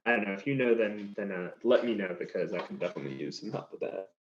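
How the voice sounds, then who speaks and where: A man's voice: lowish voice, expressive, quick pace. Easygoing male chef demonstrating cooking. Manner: easygoing, chatty, explains steps as he works. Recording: slightly dull sound with faint noise.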